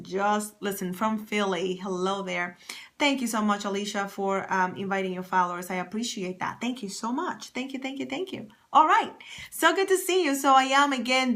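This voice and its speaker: A woman's voice: medium pitch, sharp tone. A woman fashion stylist chatting on a live phone stream from her office, effusive and greeting viewers by name. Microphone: phone camera.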